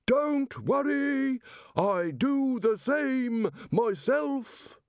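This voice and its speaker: A man voicing a cheerful male gatekeeper making drawn-out, jolly ceremonial calls. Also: very high-pitched, animated, darkish tone, clean tone, dry recording, clean studio sound, voice pushed up, full character voice. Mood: cheery.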